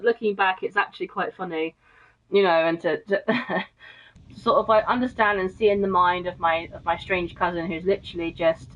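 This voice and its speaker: A young woman streamer telling a casual story, rambling with many fillers and frequent laughs. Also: medium pitch. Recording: dull lo-fi mic.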